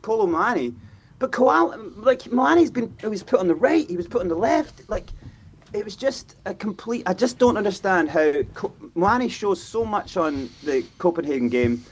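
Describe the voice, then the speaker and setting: A high, husky-voiced man talks football on a fan panel. He is animated and mimics players' voices as he makes his points. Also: moderate pace. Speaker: fan pundit. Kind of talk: football fan show discussion.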